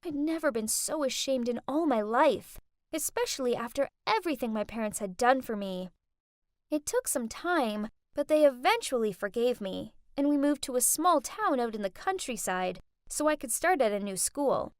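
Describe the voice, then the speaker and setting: Expressive woman narrating an animated story. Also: high voice, normal speed, dry recording, clean studio sound. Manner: expressive, dramatic teen voice.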